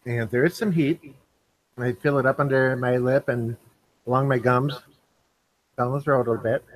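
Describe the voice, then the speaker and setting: A man's voice: medium pitch, steady tone, normal speed, rough recording. Man chatting while eating on a live stream. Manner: eats candy on camera, apologizes for chewing. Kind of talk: casual live stream chat.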